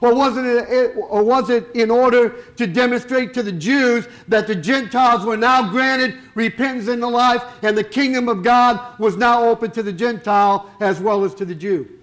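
A man's voice: very high-pitched, steady tone, normal speed, hardly any pauses, a bit bright. A man preaching a sermon, firing rhetorical questions and stretching out the words he wants to stress.

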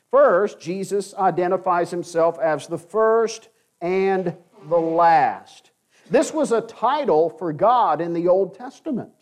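Male pastor, high voice, earnest sermon delivery with slow emphatic stresses. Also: darkish tone. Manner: earnest, emphatic, slows down for key phrases. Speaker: preacher.

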